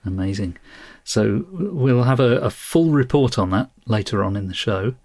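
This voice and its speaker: This man co-hosts a podcast, chatting casually and laughing often as he explains things. His fairly low, darkish voice has lively intonation and a moderate pace, captured in a dry, clean studio recording.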